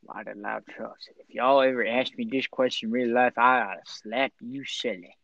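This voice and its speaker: A man's voice: mid-range voice, steady tone, moderate pace, gravelly, fairly bright tone, dry recording. Brash young man playing up a redneck act. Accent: rural Pennsylvania. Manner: exaggerated redneck bravado, teasing. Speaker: podcast co-host. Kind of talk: joking in-character interview. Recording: dull lo-fi recording.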